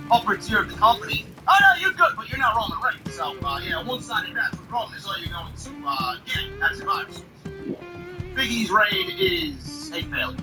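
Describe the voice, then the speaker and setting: A man's voice: high voice, rough recording. A man giving exasperated, sarcastic wrestling commentary, swearing heavily as he rants. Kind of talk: profane ranting commentary. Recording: voice off-mic with music behind.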